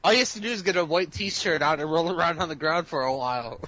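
A man's voice: fairly high pitch, quick pace, pushed and bright, a little hiss or hum. A man co-hosting a casual chat about TV shows, telling rambling, profane stories. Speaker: podcast co-host. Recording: dull lo-fi sound.

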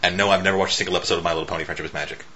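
A man's voice: deep voice, steady tone, very fast, pushed and bright, highs cut off. A man casually riffing on a movie, jokey and profane, often laughing. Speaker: movie commentator.

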